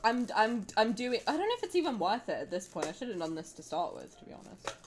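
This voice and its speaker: Animated woman streamer, squealing and muttering. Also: mid-range voice, fast talker, slight background noise. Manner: expressive, swings from loud squeals to quiet mutters. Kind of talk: casual gaming stream chat.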